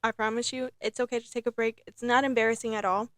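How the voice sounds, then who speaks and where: A young woman hosting her own podcast in casual, rambling talk, repeating herself and filling pauses with um and like. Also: a little high, little pitch movement, a bit bright, no room sound, clean studio sound. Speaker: podcast host. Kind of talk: casual solo podcast chat.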